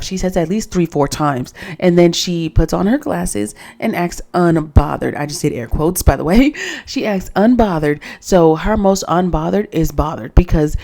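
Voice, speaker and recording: A woman gives a casual recap of a reality dating show, sounding opinionated and often exasperated as she talks straight to her viewers. Her voice sits on the lower side for a woman, with a mellow, soft-edged tone. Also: normal speed, vocal fry.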